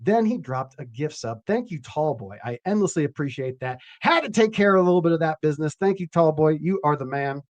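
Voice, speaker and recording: A man hosting a cannabis growing podcast live, chatting casually in an animated, rambling and profane way. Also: on the high side, quick pace, few pauses, dry recording, muffled recording. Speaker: podcast host. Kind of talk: casual live-stream chat.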